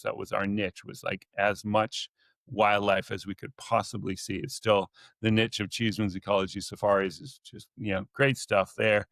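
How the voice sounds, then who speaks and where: A middle-aged man from California, a naturalist guest telling rambling, lively stories in a casual podcast interview, on a close mic. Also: lowish voice, vocal fry, no room sound.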